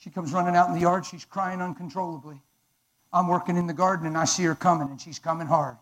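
A man preaching in church, telling his own testimony with dramatic swings from loud exclamations to hushed words. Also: high-pitched, fairly even intonation, fast talker, poor audio. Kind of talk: emotional testimony sermon.

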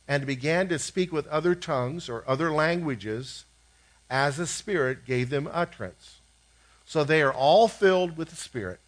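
A man's voice: a little high, moderate pace. A man preaching, teaching verse by verse and putting questions to his listeners as he explains.

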